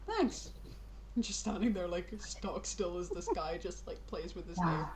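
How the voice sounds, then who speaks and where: A woman's voice: fairly low pitch, moderate pace, very noisy. A woman narrating a tabletop game as game master, chatty and laughing. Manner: chatty, laughing, full of "like" and "just".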